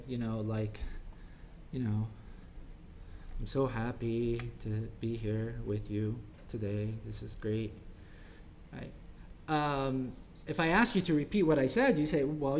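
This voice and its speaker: A man giving an informal parenting talk at a church, halting with many ums and restarts, dropping softly into quoted voices. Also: fairly high pitch, a little hiss or hum.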